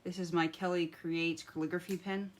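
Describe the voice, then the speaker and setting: A woman's voice: lowish voice, little pitch movement, normal speed. A woman hosting a live craft tutorial, chatting to viewers as she colors and muttering to herself as she picks pens. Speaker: craft demonstrator.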